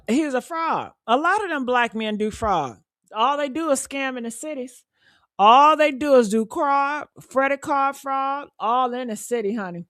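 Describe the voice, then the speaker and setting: A woman hosting a reaction channel, talking in a heated, brash and profane way, calling her listeners honey and letting out loud whoops. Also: high-pitched, dry recording, studio quality. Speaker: commentary channel host.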